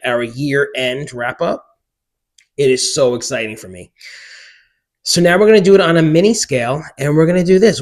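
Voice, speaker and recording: A man in his forties, a book vlogger, chatting casually to camera in an excitable way with many filler words. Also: fairly high pitch. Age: 40s.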